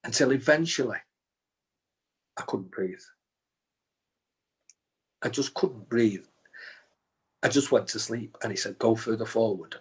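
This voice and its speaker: A man's voice: mid-range voice, moderate pace, breathy edge. A man, a guest telling a story and acting out the dialogue, with frequent restarts. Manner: recounts events with repeated restarts and acted-out quotes. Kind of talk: storytelling in conversation.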